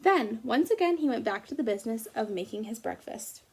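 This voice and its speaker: A woman teacher reading a picture book aloud to children, gently pausing to ask them questions about the story. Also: fairly high pitch, lively intonation, breathy edge. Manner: gentle, asks children questions as she reads.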